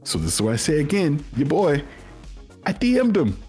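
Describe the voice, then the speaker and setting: A man telling a long personal story in casual chat, animated, acting out what others said. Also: normal speed, faint music behind. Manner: animated storyteller, acts out quoted voices at much higher pitch. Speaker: podcast guest.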